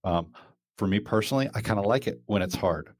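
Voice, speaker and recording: A deep-voiced man hosts a casual podcast conversation, talking quickly and rambling with many fillers and restarts. The recording is dry and studio quality.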